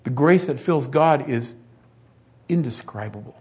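Husky-voiced male preacher. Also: mid-range voice, animated, measured pace, darkish tone. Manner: conversational, building to emphatic peaks. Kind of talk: sermon.

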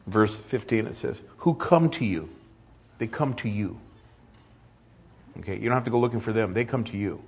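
A man's voice: on the low side, steady tone, brisk, creaky, long pauses, darkish tone, slightly rough. An older man preaching a sermon as pastor, conversational with joking asides.

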